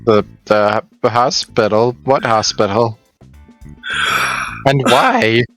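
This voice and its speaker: A man's voice: mid-range voice, takes it slowly, fairly bright tone, soft background music, poor audio. A man playing a tabletop game, tossing in joking, teasing asides. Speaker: player. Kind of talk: casual tabletop play.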